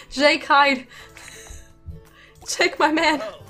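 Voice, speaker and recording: A woman's voice: high voice, takes it slowly, sharp tone, soft background music. A woman giving let's play commentary on a life sim game, chatty, giggling often and reacting aloud from a desk microphone. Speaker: gaming YouTuber. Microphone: desk USB microphone.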